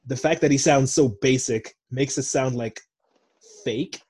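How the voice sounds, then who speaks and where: An unhurried, husky voice of medium pitch and darkish tone belongs to a young Zimbabwean man with an American accent. Co-hosting a podcast, he rambles in relaxed conversation, goes off on tangents, and often corrects himself.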